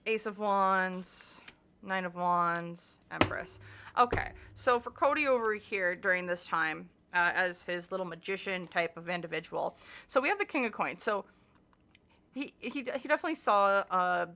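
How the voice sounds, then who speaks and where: A woman talks through a tarot reading in a casual, chatty way, hedging her opinions and restarting sentences often. Her voice is bright and forceful, with a gravelly fry at the bottom. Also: fairly low pitch, normal speed. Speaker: tarot reader.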